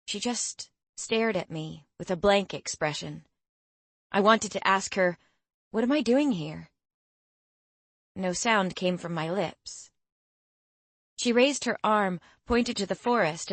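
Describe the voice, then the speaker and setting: A woman reading a fantasy story aloud in first person, measured and expressive. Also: mid-range voice, no room sound. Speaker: audiobook narrator. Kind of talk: scripted first-person narration.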